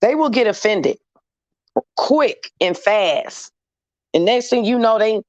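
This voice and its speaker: A woman's voice: medium pitch, very animated, slow, pauses often, dry recording, highs cut off. Blunt, candid woman chatting casually. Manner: blunt, candid, with loose slangy phrasing. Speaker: host talking to viewers. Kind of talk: casual chat to a live audience.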